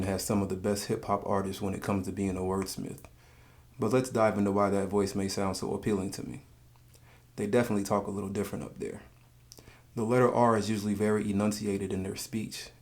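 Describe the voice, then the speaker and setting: A man from the States, giving calm, measured scripted narration for a countdown video. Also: lowish voice. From Southern United States.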